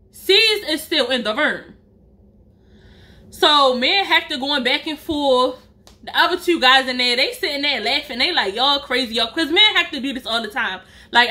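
A woman vlogger telling a workplace story in casual chat, animated and slangy, acting out what people said. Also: high voice. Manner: animated, slangy, acts out quotes.

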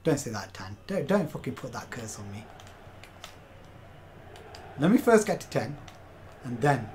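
A man's voice: medium pitch, very animated, normal speed, long pauses, a little hiss or hum. A young man commentating his own football video game match live, swearing often and talking to his chat as "lads". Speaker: game streamer.

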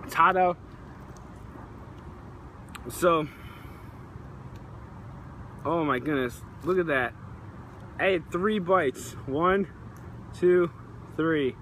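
A man's voice: fairly high pitch, extremely slow, pauses often, pushed and bright, slight background noise. A male vlogger eating raw onion outdoors, gagging and groaning, his mouth burning, teary and sweating. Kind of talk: casual vlog. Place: outdoors in hot weather.

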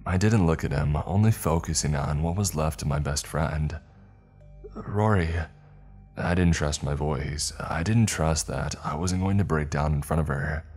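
Very deep-voiced male horror narrator. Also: moderate pace, hardly any pauses, a little mellow, slightly rough, soft background music.

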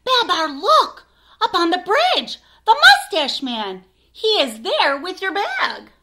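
A woman's voice: high voice, sing-song, a little slow, bright, forceful tone, heavily acted. A woman voicing an eager young elephant boy in a children's storybook, talking with urgency. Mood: urgent.

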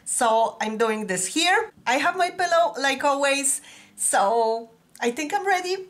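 A woman with a high voice, congested from a cold, talks in an unhurried way. She gushes and rambles in a casual reaction vlog. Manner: gushing, excitable, rambling. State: stuffy nose from a cold. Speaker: music video reactor.

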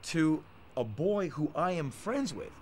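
A man in his thirties from the United States, telling blunt, animated stories about his childhood in an interview. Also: on the high side, slow, a little hiss or hum. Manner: blunt, animated anecdotes, acts out quoted voices. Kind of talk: candid storytelling interview.

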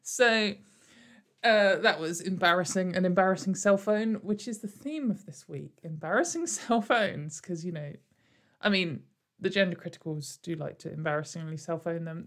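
A woman's voice: on the low side, moderate pace. A woman hosting a casual commentary show, rambling and sarcastic, with lots of fillers and little laughs. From United Kingdom. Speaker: commentary video host.

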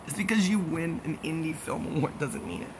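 A man's voice: a little high, sing-song, brisk, noisy background. A man in a rambling, casual monologue, jokey and gossipy with meandering asides.

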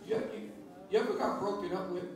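A man preaching an impassioned altar-call sermon at a church worship night, with a rhythmic, repetitive cadence that swells into shouts. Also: high voice, brisk. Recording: very echoey church hall, voice far from mic, with worship music and congregation.

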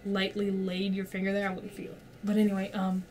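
A woman's voice: medium pitch, completely flat delivery, brisk, a little mellow, slight background noise. A young woman telling a rambling story to friends in casual chat, full of "like" and casual swearing. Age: young adult. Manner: rambling, peppered with "like", swears freely.

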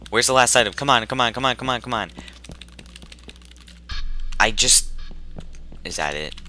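A man commenting nervously on a horror game he plays, jumpy and talking to himself, with sudden loud outbursts. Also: mid-range voice, expressive, moderate pace, a little hiss or hum. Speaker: gaming YouTuber.

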